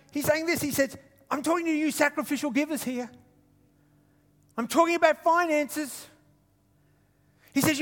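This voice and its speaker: Guy from queensland preaching, jokey asides to the church, big echoey hall. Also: very high-pitched. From Queensland, Australia. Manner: animated, jokey asides to the congregation. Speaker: guest preacher. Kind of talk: sermon. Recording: long church reverb.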